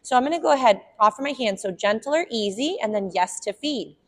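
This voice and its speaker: A woman dog trainer explaining puppy training in a friendly way at home, with frequent ums and quick asides to the puppy. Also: on the high side, animated, fairly bright tone. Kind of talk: instructional dog-training demo.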